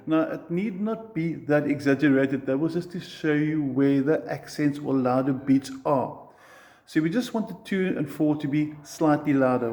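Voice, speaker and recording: Male guitar tutor, patient and clear, counts along, slightly higher voice. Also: moderate pace. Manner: patient, counts beats aloud. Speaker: guitar teacher. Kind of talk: guitar lesson.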